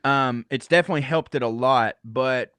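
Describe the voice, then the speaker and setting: A man's voice: medium pitch, normal speed, fairly bright tone, clean tone, no room sound. Rambling profane man in his thirties. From Georgia, USA. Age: 30s. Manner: rambling, profane, self-deprecating, many restarts. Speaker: guest comedian. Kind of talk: casual podcast conversation.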